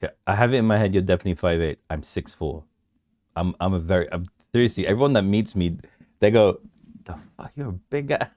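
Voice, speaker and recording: Deep-voiced man bantering on a livestream. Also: fast talker, a little mellow, no echo, studio quality. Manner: bantering with viewers, laughing often, lots of restarts. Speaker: crypto livestream host. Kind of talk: casual livestream chat.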